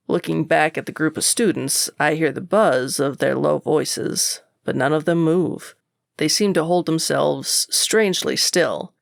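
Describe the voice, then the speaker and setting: Woman narrator, gravelly, sardonic first-person audiobook read, dry. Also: deep voice, no room sound.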